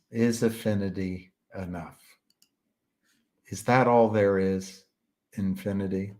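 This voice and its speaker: A man chatting casually as a stream host, halting often and searching for words with many fillers. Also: low-pitched, fairly even intonation, darkish tone. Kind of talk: casual rambling chat.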